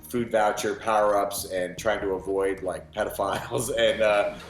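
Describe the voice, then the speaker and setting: A man, a novelist, speaking in a documentary interview, relaxed and halting with many fillers. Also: fairly low pitch, faint music behind. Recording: roomy echo.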